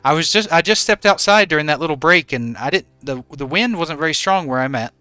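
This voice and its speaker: Male streamer, bright and smooth, relaxed and chatty with viewers, dry close mic. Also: a little high, fairly quick, dry recording, faint music behind. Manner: easygoing, greets and thanks chatters by name. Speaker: game streamer. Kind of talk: live stream chat with viewers. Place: home in regional Australia.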